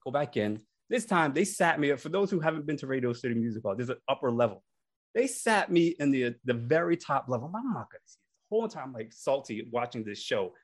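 A young man tells a story in a relaxed, chatty way. His voice sits in a middle pitch. He gets animated and puts on little voices for the people in his tale. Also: fast talker. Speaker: podcast co-host. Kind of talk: casual storytelling.

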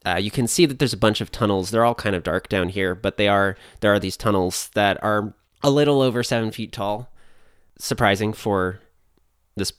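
A man's voice: lowish voice, moderate pace, clear, resonant tone, no room sound, clean studio sound. A man running a tabletop role-playing game, narrating scenes in a playful, self-mocking way. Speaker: game master.

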